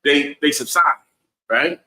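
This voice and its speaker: Preachy guy teaching bible class, bright sharp voice, echoey room. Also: on the high side, fairly even intonation, a little slow. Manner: preachy, asks the room "right?" over and over.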